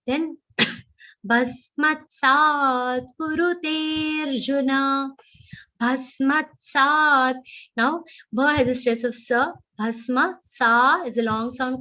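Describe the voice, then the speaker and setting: High, bright woman teaching recitation. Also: poor audio. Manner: slow, careful chanting of verses, then explaining each sound. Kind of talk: online recitation class. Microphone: online call microphone.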